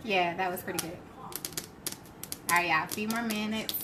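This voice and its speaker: A woman's voice: fairly low pitch, fairly even intonation, normal speed, pauses often. A woman hosting a live cooking stream, chatting and laughing as she answers viewer comments. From Alabama, US. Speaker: cooking show host. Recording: faint background noise.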